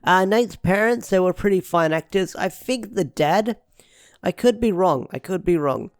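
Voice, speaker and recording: A man's voice: sits high, animated, moderate pace, clean tone, dry recording, studio quality. A young man giving a casual, rambling review of a TV episode, repeating himself with lots of fillers. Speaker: show reviewer.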